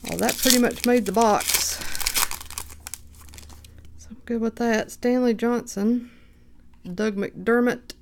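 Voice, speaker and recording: A woman hosting a card break, calmly reading out player names and getting excited at good pulls. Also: fairly high pitch, slight background noise. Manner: unhurried, reads names aloud, bursts of excitement. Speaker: card shop host opening packs. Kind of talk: casual card-breaking commentary.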